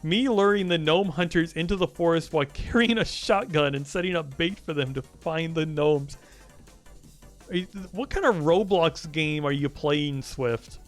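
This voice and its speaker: A man's voice: a little high, moderate pace, soft background music. A young man streaming live, chatting casually, teasing and swearing as he rambles.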